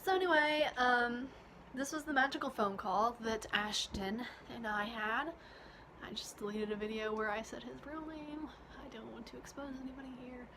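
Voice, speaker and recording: A young woman from Kentucky narrates a personal story in a casual vlog. She is talkative and giggly, and her voice sits a little high. It has a bright, crisp edge. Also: normal speed, a little hiss or hum. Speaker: vlogger.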